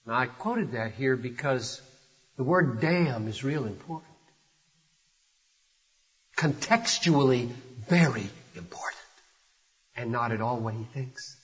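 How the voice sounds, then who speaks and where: An older man, a pastor, preaching an impassioned sermon that swells from hushed to loud and urgent. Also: mid-range voice, animated, slow pace, pauses often. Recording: dull, echoey hall recording.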